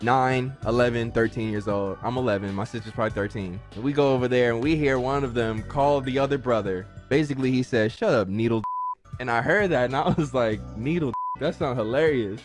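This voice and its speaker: A man's voice: medium pitch, brisk, over music. A young man giving loose, slangy comedic commentary and telling stories while reacting to cartoon clips. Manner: animated, loose, slangy, jumps into shouted cheers.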